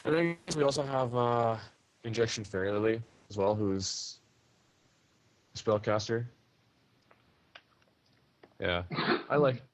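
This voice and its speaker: A man's voice: mid-range voice, highs cut off. A man co-hosting a casual card-game podcast, talking loosely with many ums and restarts. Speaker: podcast co-host.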